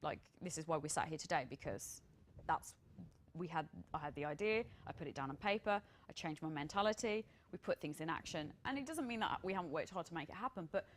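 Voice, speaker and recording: A woman's voice: sits low, animated, fairly quick, slight background noise. A woman entrepreneur chatting casually and enthusiastically about building her business. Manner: enthusiastic, rambling with fillers. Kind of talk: casual chat.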